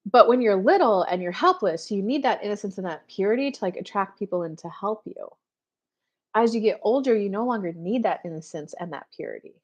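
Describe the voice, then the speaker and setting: A woman's voice: medium pitch, animated, fairly quick, lo-fi sound. A woman, a spiritual coach hosting a casual live show and chatting straight to her viewers with many fillers. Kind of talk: casual live-stream chat.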